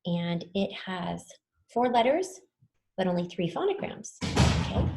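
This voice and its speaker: A woman's voice: on the low side, sing-song, a little slow, vocal fry, darkish tone, roomy sound, slight background noise. A woman teaching a spelling lesson to children, patiently sounding words out letter by letter.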